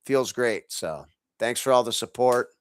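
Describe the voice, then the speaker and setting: Ranting about football on his podcast, a man speaks with an expressive, mid-range voice that's clear, resonant and a little slow. He's congested from allergies and comes across angry, profane and exasperated, breaking into bursts of laughter.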